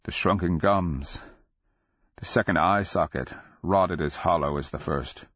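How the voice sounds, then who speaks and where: A man narrating a dark fantasy story in a measured, deliberate way. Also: low voice, breathy edge, no echo. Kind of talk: dramatic fantasy audiobook narration. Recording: dull lo-fi dry recording.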